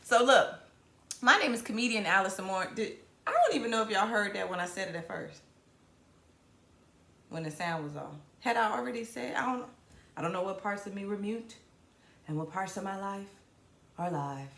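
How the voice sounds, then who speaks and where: A woman comedian from Virginia in her thirties, hosting a casual live stream in a playful, animated way. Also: medium pitch, normal speed, long pauses. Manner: animated, playful, southern-tinged slang with hype-up exclamations. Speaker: comedian and show host. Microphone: camera mic on a live stream. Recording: roomy echo.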